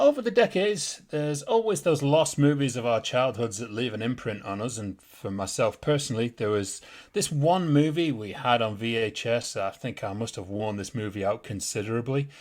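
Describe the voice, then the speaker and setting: A British man hosting a podcast in casual chat, laughing often and going on grumbling rants. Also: medium pitch. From Britain. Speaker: podcast host.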